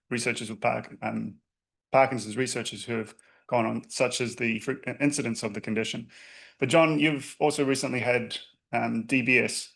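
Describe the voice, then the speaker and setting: A man's voice: medium pitch, fairly bright tone. A man moderating a panel discussion, hesitant and filling gaps with ums. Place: conference hall.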